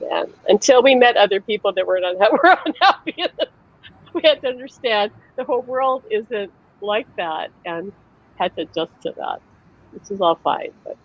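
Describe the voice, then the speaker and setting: A woman's voice: medium pitch, dry recording, muffled recording. A woman who works as a psychic medium, hosting a live-streamed conversation and telling stories animatedly over a video call, laughing often.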